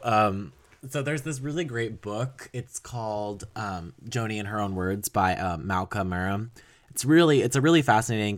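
A young man hosting a podcast, talking casually and rambling about an album he loves, laughing often and swearing now and then. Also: on the low side. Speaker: podcast host. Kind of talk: casual music album review.

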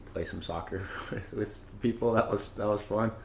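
A man's voice: on the low side, moderate pace, creaky, reverberant, crowd noise. A man student giving easygoing travel advice. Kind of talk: casual interview advice.

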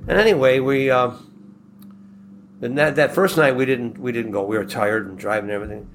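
A man from Buffalo telling a long personal anecdote in a relaxed, rambling way, acting out the quoted dialogue as he goes. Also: mid-range voice, brisk, slight background noise. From Buffalo, New York. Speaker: guest telling a personal story.

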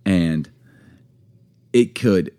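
A man's voice: deep voice, extremely slow, smooth. A man in casual chat with his wife, acting out phrases in different voices and laughing often. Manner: animated, acts out lines in put-on voices, laughs often. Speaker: podcast co-host with his wife.

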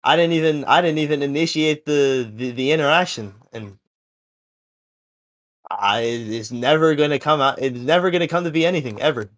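A man's voice: on the high side, normal speed, a bit bright. A seventeen-year-old young man telling a story in a casual podcast chat, rambling and full of fillers. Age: teens. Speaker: podcast co-host.

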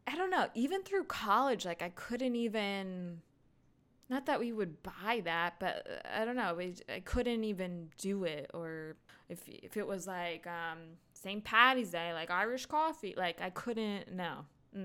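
Young woman, casual podcast chat, smooth clear voice, unhurried, rambling with fillers. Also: mid-range voice. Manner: rambling, animated, many fillers and laughs. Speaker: podcast host. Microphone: podcast microphone.

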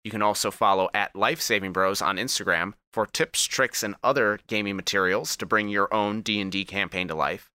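A man hosting a tabletop gaming podcast, wrapping up the episode in a smooth, announcer-like way. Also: lowish voice, fairly quick, hardly any pauses, pushed and bright, no echo, clean studio sound. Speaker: podcast host. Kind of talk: podcast outro, casual group chat.

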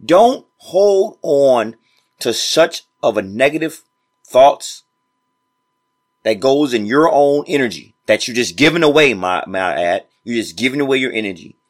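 Speaking in a mid-range voice, he's animated but takes his time. As host of a motivational podcast, he talks casually and preaches right at his audience, using repetition for emphasis and relaxed, informal grammar.

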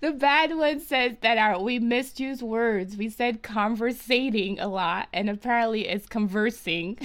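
A woman's voice: fairly high pitch, unhurried, a bit bright. A woman co-hosting a podcast with her husband, chatting casually and playfully, laughing often. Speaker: podcast co-host. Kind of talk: casual chat.

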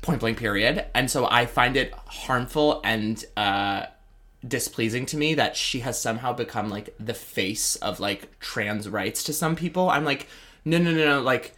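A man's voice: mid-range voice, a little slow, sharp tone. A man co-hosting a casual pop-culture chat, campy and gossipy, full of "like". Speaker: podcast co-host.

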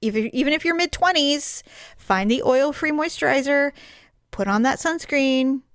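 A middle-aged woman co-hosting a podcast, telling funny stories with lots of laughter and squeaky acted-out quotes. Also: animated, normal speed, no echo, clean studio sound. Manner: laughs often, acts out quotes in high chirpy voices. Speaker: podcast co-host. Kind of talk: casual chat.

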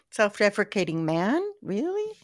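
A woman's voice: mid-range voice, huge pitch swings, measured pace, no echo, clean studio sound. A woman hosting a casual live call-in chat, laughing often. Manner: giggly, chatty. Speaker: host.

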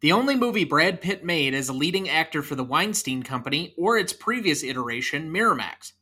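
Bright-voiced man hosting a movie chat. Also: a little high, very animated, brisk, husky. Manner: chatty, leads the discussion with trivia. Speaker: podcast co-host. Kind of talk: casual movie podcast chat.

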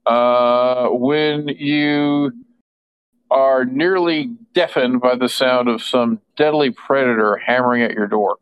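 A man's voice: medium pitch, clean tone, no room sound, dull audio. Man running a tabletop game. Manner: halting, with many fillers. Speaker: game master.

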